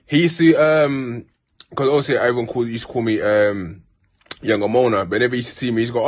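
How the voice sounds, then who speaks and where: Man from South London with a local accent, casual vlog monologue, earnest and rambling, mid-pitched voice. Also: fairly quick, pauses often. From Peckham, South London. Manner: rambling, heartfelt, many restarts and street slang. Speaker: vlogger.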